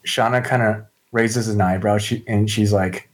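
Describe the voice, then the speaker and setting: A man describing his character's actions in a tabletop game in a halting way, full of fillers. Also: lowish voice, fairly even intonation. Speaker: player. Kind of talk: casual tabletop game play.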